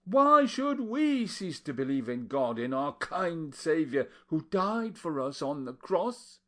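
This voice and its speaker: A man voicing a fierce, pious elderly aunt who scolds in shrill, preaching outbursts. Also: animated, unhurried. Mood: indignant preaching.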